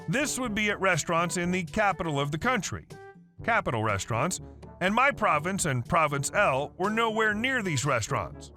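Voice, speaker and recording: A man reading a first-person story aloud in a lively, playful storytelling manner. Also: sits high. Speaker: story narrator. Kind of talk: scripted story narration. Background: faint background music.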